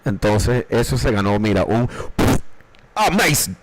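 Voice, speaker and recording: A young man livestreaming from his dark bedroom, chatting casually and profanely in a rambling, jokey way as he reviews listeners' beats. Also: mid-range voice, big pitch swings, moderate pace, very noisy. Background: faint music.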